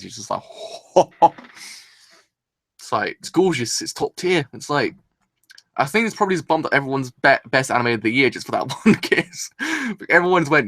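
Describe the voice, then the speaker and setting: Gushing young man, lively and bright. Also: medium pitch, dry recording. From England. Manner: breathless, gushing, exclamatory with rambling restarts. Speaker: anime reaction host. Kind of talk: excited solo reaction video.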